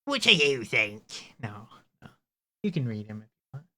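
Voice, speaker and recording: A woman's voice: very deep voice, big pitch swings, moderate pace, background noise. A woman chatting and teasing her friend while playing a game together. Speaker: game player. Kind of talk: casual let's play chat.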